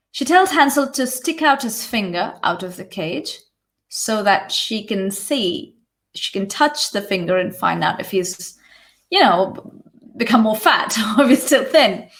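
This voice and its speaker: A woman hosting an online session, retelling a fairy tale in a relaxed, conversational way and often checking in with "you know" and "right?". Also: medium pitch. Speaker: workshop host.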